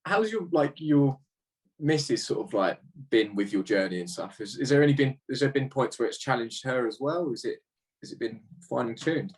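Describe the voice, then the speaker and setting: A man's voice: medium pitch, expressive, normal speed, husky, poor audio. A man hosting a podcast, asking questions and encouraging his guest in a casual, reflective way. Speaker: podcast host. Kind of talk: casual interview chat.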